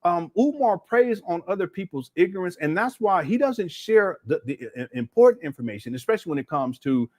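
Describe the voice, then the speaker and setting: Livestream host, a man; animated commentary, voice leaning high with wide pitch swings. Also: a little fast, hardly any pauses. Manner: animated, incredulous, talks to chat, frequent fillers. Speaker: livestream host reading super chats.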